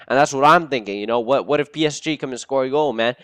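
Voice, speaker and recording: A young man hosting a gaming channel, giving casual, excitable gameplay commentary with cursing and sudden bursts of outrage. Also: mid-range voice, fast talker, clear, resonant tone, dry recording.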